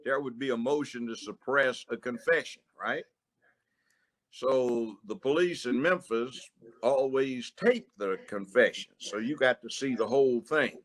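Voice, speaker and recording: A man's voice: medium pitch, measured pace. An older man, a former judge, telling blunt courtroom stories in an interview. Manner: blunt, streetwise, acts out courtroom voices. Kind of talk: storytelling in an interview.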